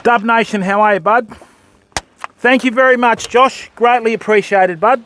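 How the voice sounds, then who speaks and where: Older australian man, fishing livestream host, high voice, chatty, beach outdoors, faint surf behind. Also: moderate pace, fairly bright tone, a little hiss or hum. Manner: chatty, greets viewers by name, calls them mate and bud. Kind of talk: casual live-stream chat while fishing.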